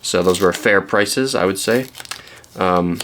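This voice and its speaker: A man's voice: deep voice, takes it slowly, fairly bright tone, a little hiss or hum. A young man from Canada, chatting casually and rambling with lots of ums while showing the books he found. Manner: rambling, self-deprecating, many ums and restarts. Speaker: book vlogger.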